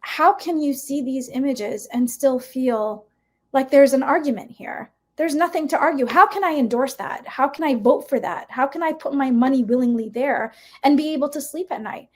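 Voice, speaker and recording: Impassioned high-voiced woman. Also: normal speed. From United States. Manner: impassioned, emphatic, frequent rhetorical "right?". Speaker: guest educator. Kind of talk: podcast interview.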